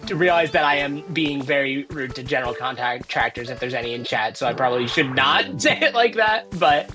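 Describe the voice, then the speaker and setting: A speedrunner playing live chats casually and thinks aloud, often correcting himself. His mid-range voice is animated and fairly quick, with music in the background.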